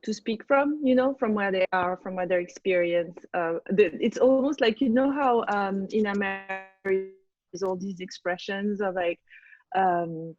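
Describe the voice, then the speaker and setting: A woman's voice: medium pitch, unhurried, a little mellow, highs cut off, soft background music. A woman with a French accent hosting a podcast, hesitant and searching for words. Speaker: podcast host. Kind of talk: casual podcast chat.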